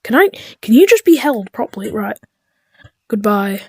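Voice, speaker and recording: Husky-voiced woman muttering through a game. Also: fairly high pitch, sing-song, moderate pace, no echo, clean studio sound. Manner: chaotic, muttering, dark-humored asides; drops into whispers. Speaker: gaming YouTuber. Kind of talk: let's-play commentary.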